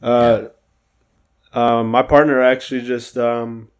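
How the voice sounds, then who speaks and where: A young man from the United States chatting casually, speaking in a monotone with many fillers and restarts. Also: medium pitch, slow, clear, resonant tone. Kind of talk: casual chat.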